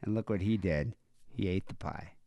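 Man, laid-back and wry, fairly low voice, dry close recording. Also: normal speed, warm tone, no echo. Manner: laid-back, wry, reads news aloud. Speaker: podcast co-host. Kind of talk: casual comedic chat.

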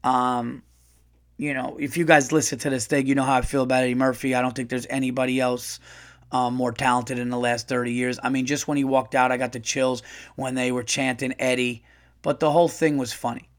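A man hosting his own podcast as a comedian, talking in a casual monologue, profane and animated, rambling with restarts. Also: medium pitch, brisk.

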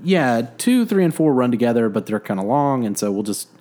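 A man's voice: mid-range voice, sing-song, brisk, dark tone. Casual male podcast co-host, self-deprecating, rambly, filler-heavy, recorded at home. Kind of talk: casual joking podcast chat. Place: living room.

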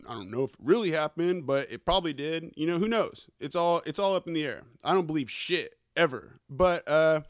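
A man's voice: a little high, dry recording, clean studio sound. Profane, wired male podcast host. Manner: rambling, swears constantly, checks in with listeners; wired, fast-talking from coffee. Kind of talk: casual profane news rant.

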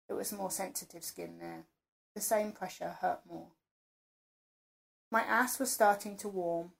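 A woman's voice: medium pitch, creaky. Woman reading an intimate first-person story. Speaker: narrator.

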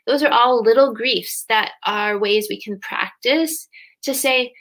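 In a conversational interview, a grief companion trainer in her thirties explains things earnestly and thoughtfully, turning animated as she impersonates parents and kids. She speaks at a measured pace, her voice on the high side.

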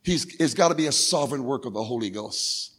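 A male pastor preaching a sermon, repeating phrases insistently and building from quiet talk to crying out. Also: animated, brisk, breathy edge. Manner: swings from low and quiet to shouting, crying out.

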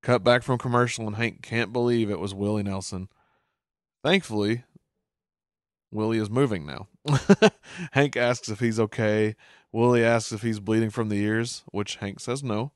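A man's voice: fairly low pitch, a little slow, no room sound, studio quality. A man hosting a casual episode recap, chuckling often as he reads out the captions. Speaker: show recap host.

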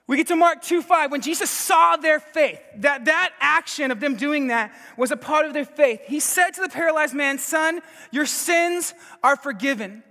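Male preacher, bright and forceful tone, excitable delivery full of restarts, long hall echo. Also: extremely high pitch, moderate pace, hardly any pauses. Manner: energetic, laughing, stammering restarts. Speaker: pastor and Bible teacher. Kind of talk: sermon.

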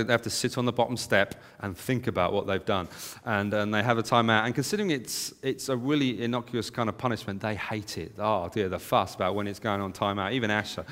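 A man's voice: mid-range voice, a bit bright. A man in his thirties preaching a sermon in a church hall, talking in a conversational way and telling stories about his young family. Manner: conversational storytelling with family anecdotes. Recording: long hall reverb.

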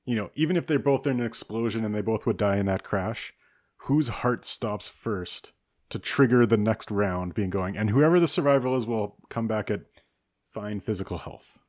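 Podcast host guy, fairly low voice, decisive, sets up scenarios, dry close sound. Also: normal speed, a little mellow, dry recording. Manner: decisive, lays out scenarios and rulings. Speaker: podcast host running a hypothetical movie showdown. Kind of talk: casual chat.

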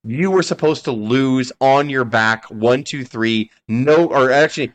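A male podcast co-host with an average-pitched voice rants through a story and swears often. He drives every point home with emphatic repetition. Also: measured pace. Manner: ranting, profane, emphatic storytelling. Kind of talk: heated casual chat.

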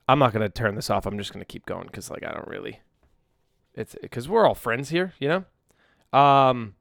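A rambling man in his thirties chats alone on his livestreamed podcast, full of ums and self-corrections. His voice comes through smooth and resonant, recorded close and dry with almost no room sound. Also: mid-range voice, no echo. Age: 30s. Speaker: musician podcast host. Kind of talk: casual solo podcast chat. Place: home in Nashville. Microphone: tablet and phone livestream.

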